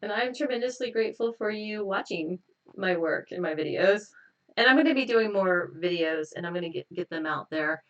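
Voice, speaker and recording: On a live stream, a woman working as a hypnotist leads viewers through a tapping exercise, repeating affirmations in a relaxed, chatty way and laughing often, though she sounds a little tired. Her medium-pitched voice is a little fast, and the recording is muffled, made far from the mic.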